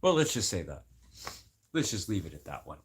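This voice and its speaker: A man's voice: low-pitched, sing-song, fairly quick, breathy edge. A man, crying and venting in an angry, profane, rambling livestream rant. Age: 40s.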